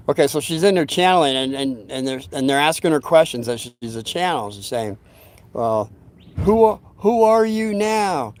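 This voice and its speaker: A man's voice: mid-range voice, darkish tone. A man hosting his own channel, telling a story in a meandering, folksy way, often breaking off into asides. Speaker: channel host telling stories. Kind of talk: rambling casual storytelling.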